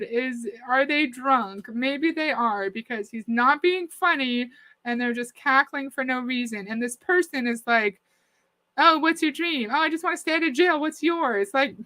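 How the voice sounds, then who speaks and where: A woman's voice: fairly high pitch, pushed and bright. A woman hosting a reaction commentary, chatting skeptically and reading out viewer comments. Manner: skeptical, conversational, often laughing. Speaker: commentary host.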